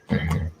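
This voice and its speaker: A man's voice: fairly low pitch, gravelly, a little mellow, a little hiss or hum. A man hosting a casual eating live stream from home, laid-back, greeting chat viewers and chuckling often. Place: room at home with air conditioning. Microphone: desk mic close up.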